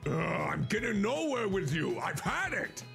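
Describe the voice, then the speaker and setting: A man's voice: high-pitched, very animated, measured pace, creaky, a bit bright, faint music behind, pitched above the performer's own voice, full character voice. A man voicing a frustrated, loyal store employee who complains in rising tones. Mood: exasperated.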